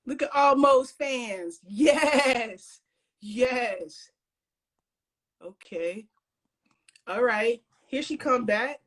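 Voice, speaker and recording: A woman's voice: on the high side, extremely slow, long pauses. A woman hosting a casual interview over a video call, bubbly and laughing often. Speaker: host.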